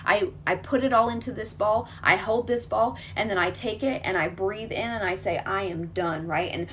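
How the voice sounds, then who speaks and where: A woman guides listeners through a healing exercise at a mid-range pitch. She coaches emphatically, repeating her points, reassuring and direct. A faint hiss of noise sits under her voice. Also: normal speed.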